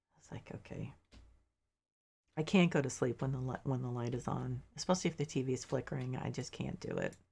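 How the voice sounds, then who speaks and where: A woman streamer with a low, gravelly voice chats casually with her viewers as she plays. She thinks aloud and drops mildly exasperated asides. She sounds a little sleepy. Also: fast talker, a little mellow. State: sleepy, yawning. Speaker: game streamer. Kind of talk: casual gameplay commentary.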